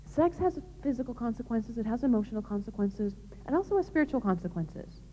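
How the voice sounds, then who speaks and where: A woman's voice: a little high, lively intonation, a little fast, warm tone, slight background noise. A woman giving an earnest, emphatic religious talk to young people in a large hall. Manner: earnest, emphatic, plain-spoken. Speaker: speaker on chastity. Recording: dull lo-fi recording in a reverberant hall.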